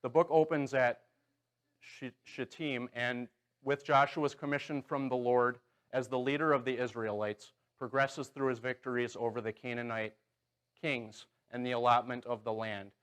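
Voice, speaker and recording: A man teaching a Bible class, his voice at an ordinary middle pitch. He walks the room through the story and keeps checking in with a quick "okay" or "right." He is speaking in a church auditorium. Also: fairly even intonation, a bit bright, clean tone.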